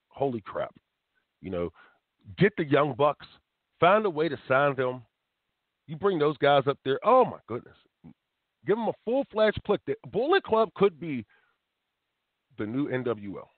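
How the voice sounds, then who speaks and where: A man's voice: medium pitch, dry recording. A man hosting a wrestling talk show on internet radio, talking in a heated, emphatic way. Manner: animated, riled up, emphatic. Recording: tinny phone-quality internet radio.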